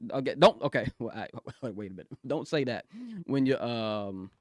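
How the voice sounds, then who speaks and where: A young man chatting excitedly on a live stream, giggling often and talking in loose slang. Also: medium pitch, moderate pace, dry recording, studio quality. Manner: excitable, giggly, slangy, keeps saying "bro". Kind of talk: casual live-stream chat. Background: faint music.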